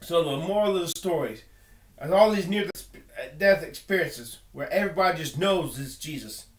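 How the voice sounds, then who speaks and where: A man's voice: on the high side, expressive, normal speed, roomy sound. A man giving an earnest personal monologue, emphatic and full of repeated words and restarts. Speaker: video blogger.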